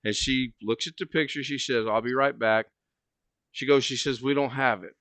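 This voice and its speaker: A man hosting a livestream, telling a long story in a casual, animated way and acting out both sides of the conversation. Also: medium pitch, moderate pace, no room sound. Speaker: livestream host.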